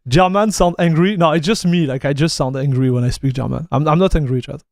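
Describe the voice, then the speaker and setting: A French man with a French accent, working as a tech streamer, chats casually with his live-stream audience in a fairly high, quick, slightly mellow voice. He's laid-back, reads chat messages aloud, and calls everyone "dude" a lot. The recording is dry, with clean studio sound.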